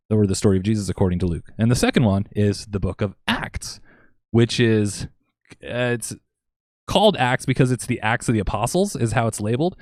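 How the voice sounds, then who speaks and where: A man's voice: fairly low pitch, darkish tone, no echo, studio quality. A man in his thirties, a church music director, talking casually on a podcast and explaining his ideas simply, with lots of fillers. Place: Minnesota.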